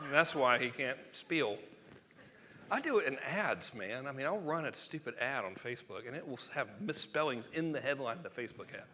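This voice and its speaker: Excitable man in a reverberant hall. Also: a little high, a little hiss or hum. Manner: excitable, fast, joking, acts out quotes. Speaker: sales copywriting presenter. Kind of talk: live seminar talk.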